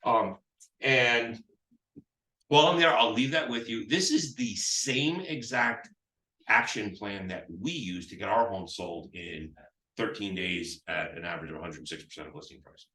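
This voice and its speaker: A man's voice: fairly low pitch, a little slow, bright, forceful tone. A man teaching real estate agents phone scripts, rambling with restarts as he acts out both sides. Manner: rambling, many restarts, acts out seller dialogue. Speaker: real estate sales trainer. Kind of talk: live sales training talk with role-play. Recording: echoey room, mic at a distance.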